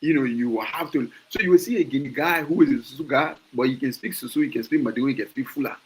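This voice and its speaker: A man's voice: mid-range voice, fast talker, low-quality recording. Fired-up Liberian man with rhetorical questions. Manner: passionate, repeats words and restarts, asks rhetorical questions. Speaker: podcast host. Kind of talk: casual opinion talk.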